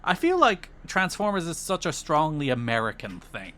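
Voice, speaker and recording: A man's voice: fairly high pitch, wildly swooping pitch, moderate pace, sharp tone. A man in his thirties co-hosting a podcast, chatting casually with a rambling, wryly gloomy manner full of "like". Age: 30s. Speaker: podcast co-host. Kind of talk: casual chat.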